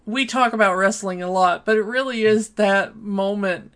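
A woman's voice: medium pitch, normal speed, fairly bright tone. A woman co-hosting a casual chat, speaking hesitantly with many fillers. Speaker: podcast co-host. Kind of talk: casual film discussion.

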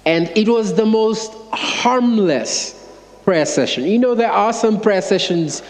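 A man, an associate pastor, preaching by telling an animated, self-mocking story to his congregation. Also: sits high, slow. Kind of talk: sermon storytelling. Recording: long church-hall reverb.

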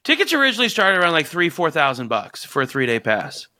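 Man, podcast co-host, casual chat, excitable and swearing a lot, bright tense tone, dry close sound. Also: fairly high pitch, fast talker, no room sound. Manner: excitable, profane, rambling with many fillers.

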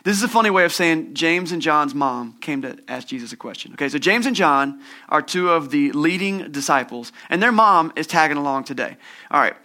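A man preaching a sermon with a bright, forceful voice that sits a little higher than most men's. He talks in a loose, conversational way and slips easily into humor and animated stories. He sounds middle-aged. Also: normal speed. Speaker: pastor.

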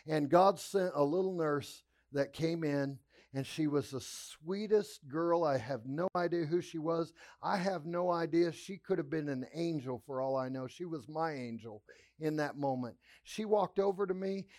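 A male pastor with a fairly high voice tells his story from the pulpit. He builds drama, rising and falling as he goes. It is a lively sermon testimony. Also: normal speed.

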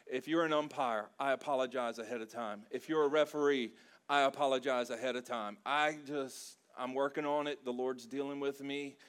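A man's voice: mid-range voice, normal speed, smooth. A middle-aged man from South Louisiana, preaching a sermon and telling stories with humor and lots of feeling. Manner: animated, emotional storytelling with humor. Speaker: pastor.

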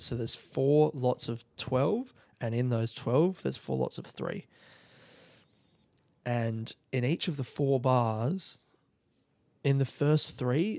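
An Australian man from South Australia hosting a solo podcast late at night, talking quietly and rambling as he thinks aloud in bed. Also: mid-range voice, creaky, no echo, clean studio sound. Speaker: podcast host and comedian. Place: bedroom at night. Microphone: own podcast mic set up in bed.

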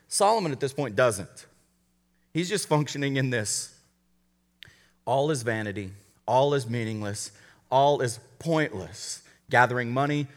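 A man preaching a sermon as a college pastor to a live church audience, talking conversationally with frequent restarts and joking asides. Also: mid-range voice. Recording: long hall reverb.

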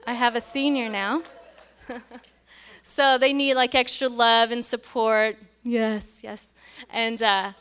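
Animated woman giving a casual sermon. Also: fairly high pitch, clean tone. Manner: conversational and animated, acting out quoted voices. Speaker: speaker at a church gathering.

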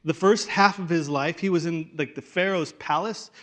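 A man preaching a sermon in a conversational way, restarting phrases and dropping to a hush for weight. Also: a little high, moderate pace. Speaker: pastor.

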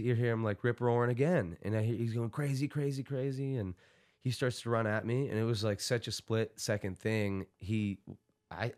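A young man chatting casually as a podcast guest, telling stories in an animated way and laughing often. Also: lowish voice. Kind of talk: casual chat.

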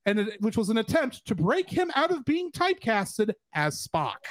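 Male co-host, high pitch, dry sound; steady recapping voice with dry humor. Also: moderate pace, dry recording. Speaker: podcast co-host. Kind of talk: casual chat, part read-out recap.

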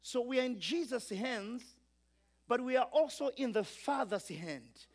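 A man's voice: extremely high pitch, animated, a little slow. A man preaching a sermon, emphatic, building through repeated lines and calling on the congregation to repeat after him.

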